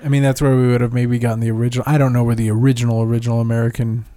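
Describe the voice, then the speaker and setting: A man's voice: mid-range voice, little pitch movement, very fast, dark tone, no echo. A man co-hosting a podcast, playful and profane, who keeps slipping into jokey voices. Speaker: podcast co-host. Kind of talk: casual podcast chat.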